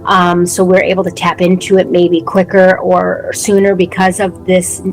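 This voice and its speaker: A woman's voice: on the low side, monotone, moderate pace, soft background music, rough recording. A woman co-hosting a podcast, talking through spiritual ideas in a reflective, word-searching way. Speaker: podcast co-host. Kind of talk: casual spiritual conversation.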